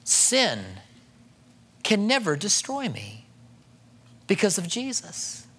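A man's voice: sits high, wildly swooping pitch, slow pace, a bit bright, slightly rough. A middle-aged man preaching a sermon in a conversational way, acting out the voices of the people he quotes. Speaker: pastor.

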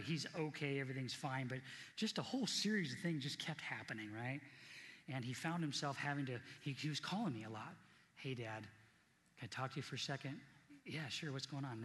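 A man's voice: medium pitch, fairly bright tone, long reverb tail. A middle-aged man preaching a sermon as pastor, earnest and conversational, repeating key points for emphasis.

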